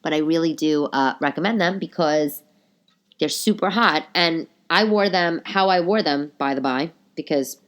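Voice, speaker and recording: A woman's voice: low voice, normal speed. A middle-aged woman hosting her own podcast, a little nasal today, chatting and telling rambling stories with lots of asides. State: a bit nasal from a cold. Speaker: podcast host. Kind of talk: casual solo podcast chat.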